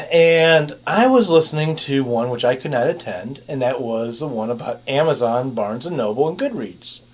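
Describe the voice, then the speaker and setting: Animated man hosting a panel. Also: medium pitch, normal speed, slightly rough. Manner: animated, sarcastic asides. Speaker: podcast host and producer. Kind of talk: casual panel chat.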